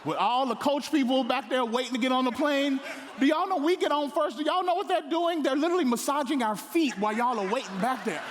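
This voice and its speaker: A middle-aged male pastor telling funny stories in a lively, joking sermon. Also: very high voice, fairly quick. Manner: animated, joking, with playful voices for others. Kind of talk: comedic sermon storytelling. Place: large hall on stage. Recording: long hall reverb.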